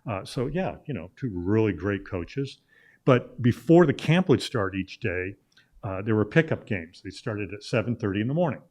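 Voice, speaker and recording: A middle-aged man from Illinois, a sports journalist appearing as a guest, tells a long anecdote in a relaxed, casual way. His voice sits on the low side, and he fills his pauses with "uh" and stumbles into restarts as he goes. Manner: rambling anecdote with many "uh" fillers and restarts. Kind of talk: casual storytelling in a talk interview.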